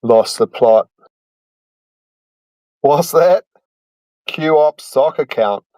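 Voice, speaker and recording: A man's voice: a little high, animated, drawn-out words, dark tone, no echo. A man hosting a loose, rambling group call chat, laughing often.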